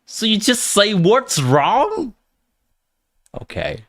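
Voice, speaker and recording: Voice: medium pitch, sing-song, takes it slowly, a bit bright. A game streamer talking casually and jokingly over gameplay, mimicking lines. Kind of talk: casual commentary.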